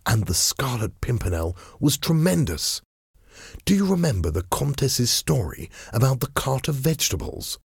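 A man voicing an earnest young English gentleman conspirator in a storybook reading, eager and urgent. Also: mid-range voice, sing-song, normal speed, creaky, breathy edge, no room sound, clean studio sound, pitched above the performer's own voice, exaggerated voice.

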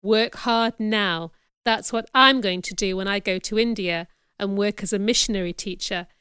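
A stern, earnest young clergyman speaks calmly in a storybook audiobook, read by a woman. The voice stays clear and bright with a dry, close sound. The manner is low-key and serious. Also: normal speed, no room sound, lightly acted. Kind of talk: audiobook character reading.

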